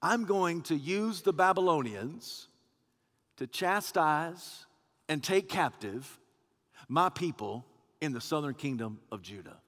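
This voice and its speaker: A man voicing God as a stern, weighty divine figure, speaking in slow, measured lines within a sermon. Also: on the high side, expressive, fairly bright tone, big-room sound.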